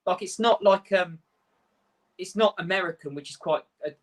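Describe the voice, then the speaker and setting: A man's voice: high-pitched, moderate pace, low-quality recording. A man guest in a casual chat, talking with enthusiasm and acting out little quoted asides as he makes his points. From Europe. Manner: enthusiastic, talks through ideas with quoted asides.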